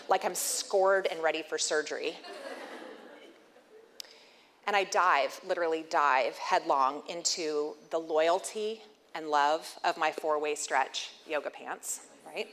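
A thirties-aged woman with a low, fairly bright voice delivers a humorous, inspirational talk to an audience, telling candid stories that poke fun at herself. There's long hall reverb and faint noise in the recording.

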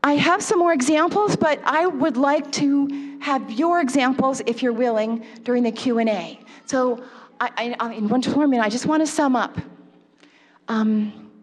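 A woman giving an animated lecture to a live audience and asking them questions. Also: sits high, moderate pace, big-room sound. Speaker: parenting workshop speaker.

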